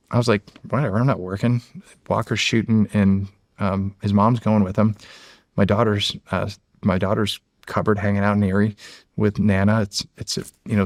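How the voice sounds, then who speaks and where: A middle-aged man, a former Navy SEAL, telling animated stories as a guest in a long interview, acting out quotes and often restarting his sentences. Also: on the low side, no echo, studio quality. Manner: animated storyteller, acts out quotes, frequent restarts. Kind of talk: storytelling in a long-form interview.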